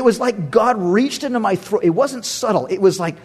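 A husky-voiced man preaches a sermon, telling a story in a lively, expressive way. His pitch leaps high on exclamations and then sinks low for hushed asides, and he laughs often as he talks. His voice sits slightly high for a man. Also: brisk, hardly any pauses. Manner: animated storyteller, swings between loud and hushed, laughs often. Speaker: pastor.

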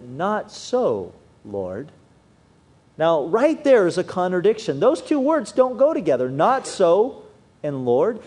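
Man, pastor, sermon, high voice, lively and swooping delivery. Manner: animated preaching with wide swings in pitch and loudness.

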